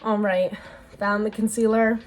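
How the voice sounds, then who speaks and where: A woman's voice: mid-range voice, little pitch movement, a little slow. A young woman vlogger talking earnestly and casually while doing her makeup, rambling with fillers. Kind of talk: casual get-ready-with-me chat.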